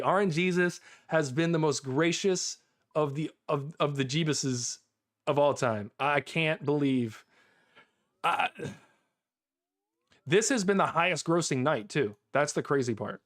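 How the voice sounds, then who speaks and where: An excitable American man talking through a live game stream. His voice sits a little higher than most men's, and he repeats himself and breaks into laughs as he talks.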